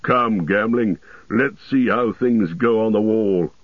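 A man voicing a fierce, battle-hungry male dwarf warrior with gruff, bellowing war cries, over a tinny radio-like sound. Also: on the low side, slow, no echo.

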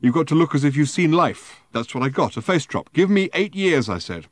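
A man voicing a drunk, rambling man telling a tall tale, talking loud, halting and insistent. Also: mid-range voice, sing-song, pitched above the performer's own voice, natural voice. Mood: tipsy.

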